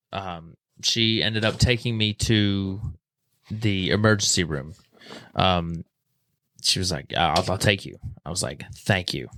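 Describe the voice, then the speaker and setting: A man's voice: low voice, no room sound. A young man casually telling a story as a podcast guest, acting out what people said. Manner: animated, acts out quoted voices.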